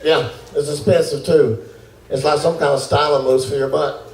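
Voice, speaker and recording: A man's voice: fairly high pitch, steady tone, darkish tone. Man telling stand-up stories. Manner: fast storytelling, acting out his own panicked voice. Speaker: stand-up comedian. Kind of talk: stand-up comedy set. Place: comedy club with laughing audience. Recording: roomy, distant club recording with noise.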